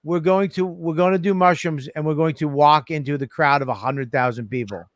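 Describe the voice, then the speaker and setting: A man's voice: fairly high pitch, fairly quick, no room sound, clean studio sound. A man co-hosting a casual chat, chiming in with short questions and a story. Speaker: co-host.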